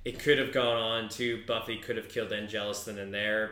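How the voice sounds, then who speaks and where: A man co-hosts a casual podcast chat in a bright, tense voice. He talks haltingly and often restarts his sentences. The recording sounds echoey and roomy. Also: fairly low pitch, level tone. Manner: hesitant, halting phrasing. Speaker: podcast co-host. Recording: echoey room.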